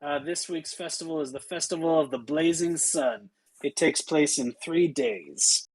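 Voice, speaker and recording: A man voicing a deadpan, bored female city guard who talks in a flat, curt monotone. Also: fairly high pitch, normal speed, poor audio.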